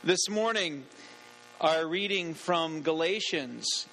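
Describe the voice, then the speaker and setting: A male pastor reading scripture and preaching a sermon in a measured, earnest way, in a church. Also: a little high, lively intonation, pushed and bright, slight background noise. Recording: long church reverb.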